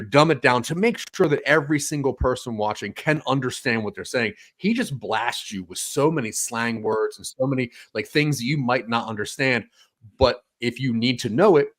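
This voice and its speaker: A man chatting on a podcast about TV shows, enthusiastic and rambling, with lots of fillers and restarts. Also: medium pitch. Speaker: podcast guest reviewing TV. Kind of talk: casual podcast chat.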